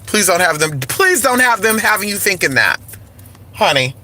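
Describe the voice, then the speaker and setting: A woman's voice: medium pitch, big pitch swings, normal speed, pushed and bright, a little hiss or hum. Sassy woman calling everyone honey. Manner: sassy, campy, drawling "honey" and "girl" asides. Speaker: spiritual talk host. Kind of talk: casual spiritual talk with singing along to music. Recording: faint music behind.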